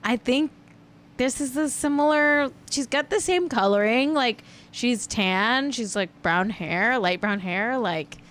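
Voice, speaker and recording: A woman hosts a celebrity gossip livestream, speaking slowly in a voice on the high side with a fairly bright tone. She chats casually and rambles, correcting herself as she goes.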